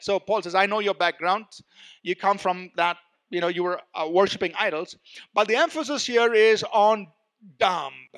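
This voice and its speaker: Male preacher, high-pitched and bright, dynamic verse-by-verse sermon delivery with call-outs to the congregation.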